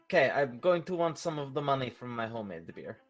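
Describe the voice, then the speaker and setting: Brief: male tabletop player, mid pitch, faint music behind. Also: very animated, a little fast. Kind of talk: tabletop role-play.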